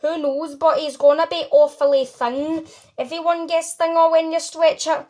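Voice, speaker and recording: A woman reading a brisk, breezy chocolate maker. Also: high voice, level tone, darkish tone, lightly acted. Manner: brisk, cheerfully dismissive.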